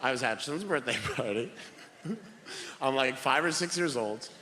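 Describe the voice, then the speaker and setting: On stage at a live venue, a stand-up comic with a medium-pitched voice tells animated, wry stories at a moderate pace. The hall adds reverb, and faint room noise sits underneath.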